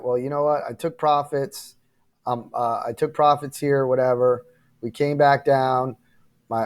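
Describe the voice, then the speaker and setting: A man hosting a trading channel, talking viewers through charts in a casual, emphatic way, often checking in with "okay?" and "right?". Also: medium pitch. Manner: emphatic, repetitive, addresses viewers directly with frequent "okay?" and "right?"; apologetic and frustrated at times. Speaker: crypto trading channel host.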